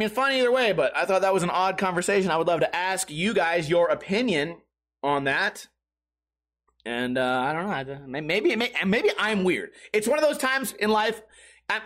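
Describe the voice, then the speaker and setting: A man's voice: high-pitched, fairly bright tone. A man hosting a comedy podcast, telling a story in a loose, rambling way, quoting his friends and stumbling over repeated words. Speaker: podcast host.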